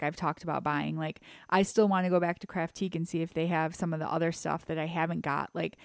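Animated woman telling stories, dry sound. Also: gravelly, clear, resonant tone, no echo. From Michigan. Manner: animated storyteller, acts out quotes with big pitch jumps. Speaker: podcast co-host. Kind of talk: casual chat.

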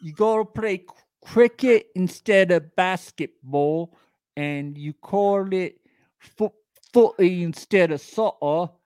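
A man putting on a mock-British bloke who lectures in a slow, drawn-out voice pitched well above his own. The sound is close and dry. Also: a little mellow, smooth, no room sound. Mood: mock-bossy. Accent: put-on British. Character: mock British man listing rules, bossy.

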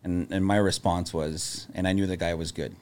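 A man, a business owner, talking in a casual podcast chat and telling stories in a calm, level-headed way. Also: low-pitched, normal speed.

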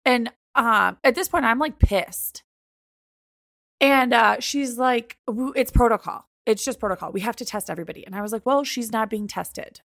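A young woman co-hosting a podcast chats casually in a storytelling mode, her voice full of gravelly fry. She retells events with animation, acting out both sides of the dialogue. Her voice is a little high at normal speed, in a dry, close recording.

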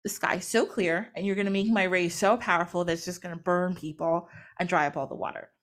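A woman's voice: lowish voice, fairly even intonation, fairly quick, lightly acted. A woman voicing a vain, easily annoyed male creator god who talks in petulant, casual modern slang. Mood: bossy.

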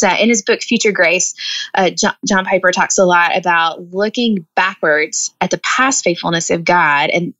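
A woman's voice: fairly low pitch, fairly bright tone, lo-fi sound. A woman author as a guest, explaining with earnest, thoughtful talk and light laughs. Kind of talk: faith-based podcast interview.

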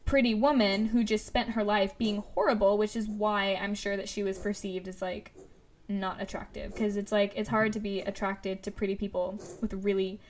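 A young woman chatting casually about books, talking quickly with lots of fillers and laughter. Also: medium pitch, level tone, a little hiss or hum. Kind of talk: casual book discussion chat.

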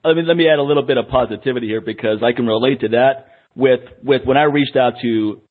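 A man hosting a podcast, talking candidly about his frustration in a casual conversation. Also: medium pitch. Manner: fast, candid, frustrated venting. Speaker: podcast host. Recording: phone-like line.

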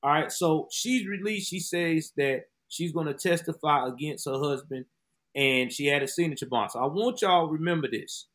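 Emphatic higher-voiced male podcast host. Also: moderate pace, a bit bright. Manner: emphatic, talks straight to listeners. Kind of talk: true-crime interview podcast.

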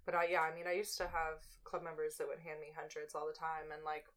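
Young woman from Missouri, lowish voice, chatty bartender guest, casual podcast. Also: flat delivery, fast, a bit bright. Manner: chatty, laughing, peppers speech with "like".

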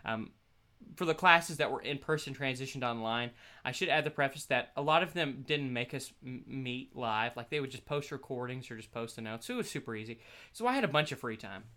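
A man's voice: medium pitch, lively intonation, fairly quick, sharp tone. A young man, a college student, telling a casual story in a rambling way, laughing often and restarting his sentences.

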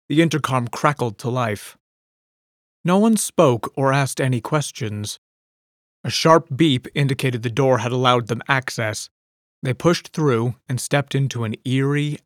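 Guy reading an audiobook chapter, steady mid voice, dry close sound. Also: medium pitch, no room sound. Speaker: audiobook narrator. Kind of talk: scripted narration.

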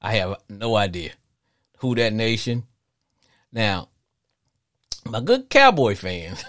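A middle-aged man from Arkansas hosting a call-in sports podcast, talking in an animated, rambling way with frequent restarts. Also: fairly low pitch, takes it slowly, long pauses, no echo, studio quality.

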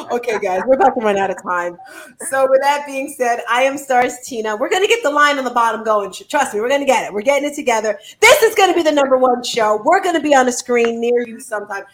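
A woman hosting a casual talk show, emotional and tearful as she speaks warmly and effusively. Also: a little high, animated, fast talker. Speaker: host. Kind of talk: casual chat.

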